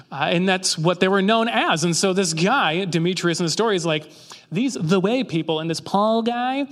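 A man's voice: high voice, fairly bright tone. A man preaching a casual sermon, talking conversationally and acting out the people in the story with jokey voices. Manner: conversational, acts out quoted characters with jokey voices. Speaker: pastor. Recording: long reverb of a large hall.

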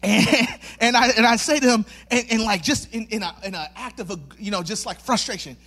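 A man's voice: sits high, a little fast, bright, forceful tone. A man preaching a sermon, telling a self-mocking personal story in a loose, chatty way and acting out the voices. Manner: acts out voices in his stories; loose, chatty, many fillers and restarts. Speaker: pastor.

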